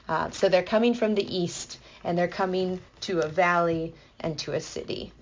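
Playful and enthusiastic, a woman guides a conversational Bible teaching, unpacking the passage with lively asides. She speaks at a moderate pace in a lowish voice, and the sound quality is dull.

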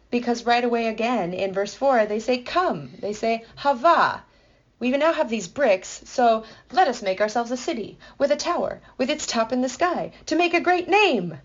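A woman explaining a Bible passage in a playful, enthusiastic way, building excitement as she goes. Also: a little high, gravelly, dull audio. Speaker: Bible teacher. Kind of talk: explanatory podcast talk.

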